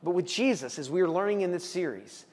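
A man, a pastor preaching a sermon and telling the story vividly, at times calling out loudly as the people in it. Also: sits high, fast. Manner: animated storytelling, acts out shouting voices. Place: church hall. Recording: long hall reverb.

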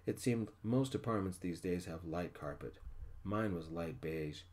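A man narrating a story in a soft-spoken ASMR style, gentle and hushed. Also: low-pitched, measured pace.

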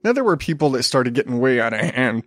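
A man's voice: medium pitch, sing-song, fast, no room sound, clean studio sound. A man in his thirties hosting a solo podcast, chatting casually and rambling with frequent restarts. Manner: rambling, self-interrupting with restarts. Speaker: podcast host.

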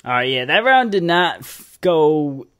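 A young man talks through his shooter match from a home gaming setup. His pitch jumps sharply when he gets a kill and drops low and quiet when he is nervous. He swears casually and keeps tagging "man" onto his sentences. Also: measured pace. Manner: excitable, swears freely, repeats "man". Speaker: gameplay commentator.

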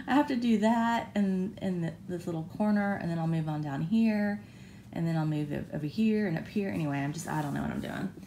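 A woman's voice: on the low side, fairly quick, gravelly, mellow, slight background noise. A woman chatting casually about her cross-stitch, rambling with fillers and correcting herself. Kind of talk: casual show-and-tell chat. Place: condo balcony by the beach.

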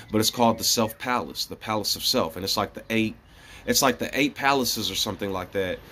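A man in a casual spiritual monologue, rambling and earnest, often dropping to a soft hushed voice. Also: fairly low pitch. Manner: rambling and earnest, with many fillers and restarts. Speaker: vlogger.

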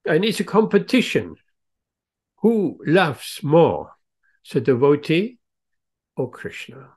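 A man giving a devotional lecture, telling a story slowly and stressing key words. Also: a little high, very animated, a little mellow, slightly rough. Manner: slow, emphatic, leans on key words.

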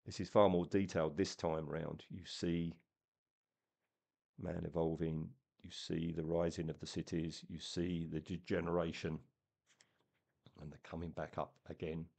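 A man with a deep, low voice reads a fantasy tale aloud and then talks about it eagerly. His speech stumbles now and then as he restarts his sentences. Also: flat delivery, gravelly, darkish tone. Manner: enthusiastic, halting. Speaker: comic and book reviewer. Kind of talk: reading aloud and casual chat.

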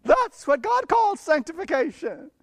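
High-voiced emphatic man preaching. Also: very animated, unhurried, gravelly, no room sound. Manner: emphatic, blunt, chuckles between points. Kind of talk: sermon with Bible reading.

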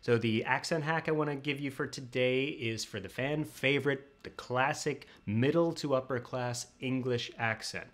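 A man hosting a short comedic dialect lesson, brisk, jokey and instructional. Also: medium pitch, a bit bright. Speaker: comedic dialect coach and host. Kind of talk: comedic web sketch.

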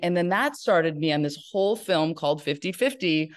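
A woman's voice: on the low side, expressive, moderate pace. A middle-aged woman from Northern California, a filmmaker guest in an interview, telling her story in a rambling way with many restarts.

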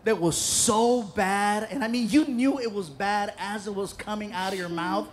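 A man telling a stand-up story in an animated way, jumping into voices and shouts. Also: high voice, moderate pace, a little hiss or hum. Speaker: stand-up comedian.

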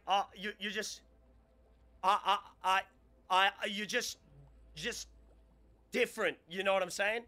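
A young man streaming casually, excitable and prone to stammering and restarting words. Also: high-pitched, unhurried, long pauses. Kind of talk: casual live-stream chat.

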